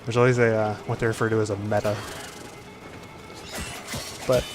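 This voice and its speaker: A man's voice: on the low side, little pitch movement, moderate pace, over music. A man hosting a casual gameplay commentary, rambling with lots of fillers. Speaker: gaming video host.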